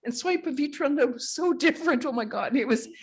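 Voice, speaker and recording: A woman, a monastic speaker, telling stories to a retreat audience and answering questions, animated, acting out the voices of others and laughing often. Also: high voice, fast talker. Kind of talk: storytelling talk with audience questions.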